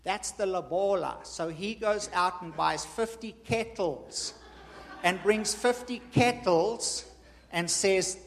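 A man with a notably high voice delivers a sermon. He hammers his points home by repeating them in an emphatic teaching cadence. His voice carries a long reverb from the church hall. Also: takes it slowly. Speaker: preacher.

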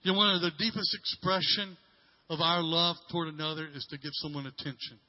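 A middle-aged male pastor telling a story in a sermon, halting and repeating words, dropping from loud to hushed. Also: a little high, lo-fi sound.

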